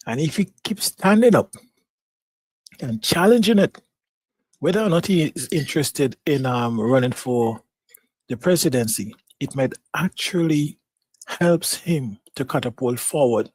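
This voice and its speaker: Husky man on a news panel, measured counterpoint, dry sound. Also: mid-range voice, animated, a little mellow, dry recording. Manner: measured, argues the other side. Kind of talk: live podcast panel discussion.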